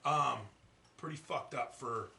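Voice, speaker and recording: A man hosting a podcast, telling a story in a casual, profane, animated way. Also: mid-range voice, slow, vocal fry, slight background noise. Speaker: podcast host. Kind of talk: casual chat. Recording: echoey room, distant mic.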